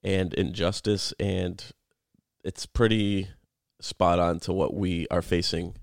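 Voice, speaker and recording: A man in his thirties co-hosting a podcast, explaining a Bible book in a relaxed, rambling way. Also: deep voice, slow pace, creaky, no room sound, studio quality. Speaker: podcast co-host. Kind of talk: casual Bible study chat.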